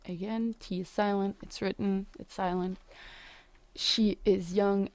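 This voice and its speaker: Slow, dry-voiced young woman teaching French. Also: mid-range voice, steady tone, darkish tone, dry recording. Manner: slow, careful pronunciation drills. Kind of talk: language lesson.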